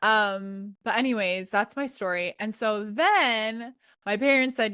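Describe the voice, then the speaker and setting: Over a video call, a woman in her thirties hosting a podcast spins stories in a chatty, giggly way, quoting others with animation. Her mid-range voice is unhurried and clean, captured in a clean studio recording without room sound.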